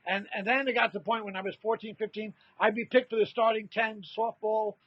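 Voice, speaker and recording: A man in his sixties, a comedian guest, telling stories in a lively way and acting out the people in them. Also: high-pitched, brisk, slightly rough, dry recording, highs cut off. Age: 60s. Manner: animated anecdote-telling, acts out quoted voices. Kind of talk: storytelling in a casual interview.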